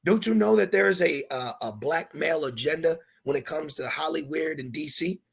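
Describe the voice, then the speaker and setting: A man's voice: fairly high pitch, normal speed, creaky, breathy edge. A man giving an emphatic scripture lesson as a religious teacher, mixing preaching with street slang.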